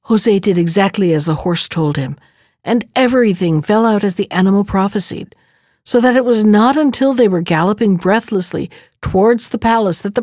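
A woman reading a fairy tale aloud in measured, even narration. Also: mid-range voice, dry recording, studio quality. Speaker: storyteller.

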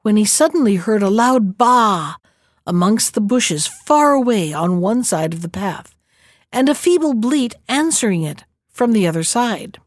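A woman narrating a storybook tale in a steady, measured way. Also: medium pitch, dry recording, clean studio sound. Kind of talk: storybook reading.

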